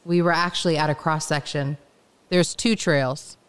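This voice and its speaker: A woman's voice: low-pitched, fairly even intonation, moderate pace, clear, resonant tone, natural voice. A woman voicing a determined young survivor in an audio drama, cool and pointed as she questions a stranger. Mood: suspicious. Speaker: narrator and lead of an audio drama. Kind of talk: first-person audio drama narration and acting.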